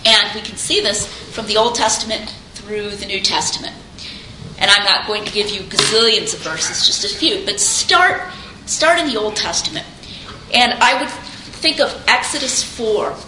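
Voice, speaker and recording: A woman's voice: mid-range voice, moderate pace. A woman giving an informal lecture on Christian apologetics, speaking conversationally and animatedly and acting out quoted speakers. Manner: conversational, animated, quotes others in little voices. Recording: echoey room, faint background noise.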